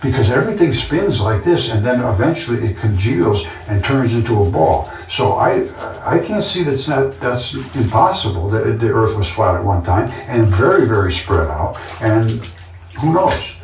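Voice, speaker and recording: A man's voice: on the low side, very animated, normal speed, soft background music. A man talking in a casual monologue, earnest and insistent, often repeating himself as he tells his story. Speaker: vlogger. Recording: roomy, distant from the mic.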